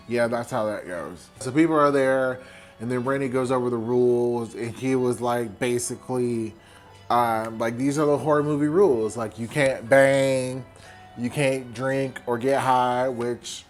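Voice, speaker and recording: A host tipsy from wine recaps a horror film as comedy, animated and profane, darting into quick impressions of the characters. His voice sits in the mid range.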